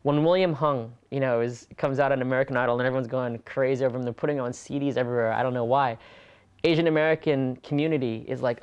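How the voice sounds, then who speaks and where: Smooth-voiced man, earnest and animated. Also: medium pitch, quick pace, lo-fi sound. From California. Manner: earnest, animated, laughs easily. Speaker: interview guest, stage performer. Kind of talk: conversational interview.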